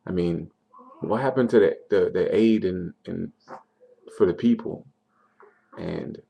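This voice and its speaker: A man's voice: low voice, vocal fry, darkish tone. A young man ranting in a video diary, frustrated, swearing and repeating himself. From United States. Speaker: vlogger. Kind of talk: angry video diary rant. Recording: dull lo-fi webcam audio.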